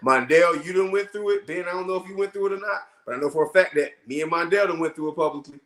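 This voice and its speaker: A man co-hosting a casual podcast chat, arguing in an animated way and asking rhetorical questions. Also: fairly high pitch, racing. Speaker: podcast co-host. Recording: roomy echo.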